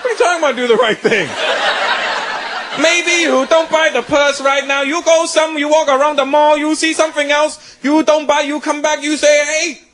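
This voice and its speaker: A man voicing a stubborn male shopkeeper haggling over a price in broken English, recorded live over loud crowd laughter. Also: very high-pitched, huge pitch swings, rapid-fire, hardly any pauses, a little hiss or hum, pitched above the performer's own voice, exaggerated voice. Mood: insistent.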